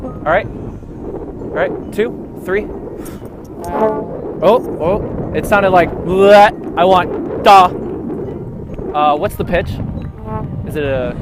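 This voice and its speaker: A young man teaching a band rehearsal, counting off beats, singing rhythms and coaching breathing and articulation. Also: on the high side. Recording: music playing in the background.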